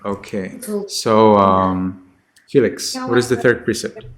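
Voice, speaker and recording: A man's voice: on the low side, fairly even intonation, slow, a crowd in the background. A man teaching a children's class over a video call, patiently repeating his questions.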